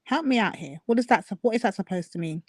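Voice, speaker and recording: Mocking host with street slang. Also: male voice, high-pitched, animated, quick pace, dry recording. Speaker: show host. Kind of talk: casual commentary on a clip.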